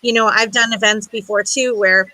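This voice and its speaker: A woman's voice: medium pitch, fairly even intonation, normal speed, pushed and bright, poor audio. A woman guesting on a podcast, explaining her views earnestly in casual chat. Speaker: guest paranormal investigator.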